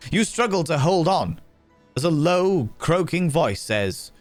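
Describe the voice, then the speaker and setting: A man narrating as game master for a streamed tabletop game, unhurried and dotted with fillers. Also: fairly high pitch, very animated, no echo, faint music behind.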